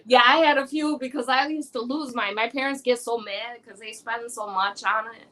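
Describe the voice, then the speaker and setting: A woman's voice: on the high side, moderate pace, rough recording. A woman around forty, chatting casually as a guest and telling stories with frequent laughter. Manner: giggly storyteller, laughs often, animated retelling. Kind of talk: casual chat.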